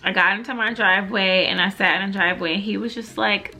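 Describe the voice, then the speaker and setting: A woman's voice: medium pitch, fairly even intonation, fast, few pauses, bright, forceful tone, faint music behind. A young woman vlogger chatting casually to camera with lots of fillers, laughing as she tells stories.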